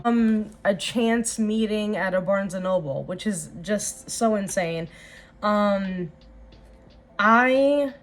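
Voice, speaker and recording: A young woman vlogger talking earnestly and casually while doing her makeup, rambling with fillers. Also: mid-range voice. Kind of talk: casual get-ready-with-me chat.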